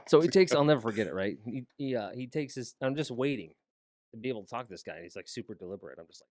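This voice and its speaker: A man's voice: medium pitch, very fast, no room sound, studio quality. A man in his forties, a cigar maker, telling a long anecdote on a casual podcast and acting out the dialogue. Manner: animated anecdote-teller acting out quoted dialogue.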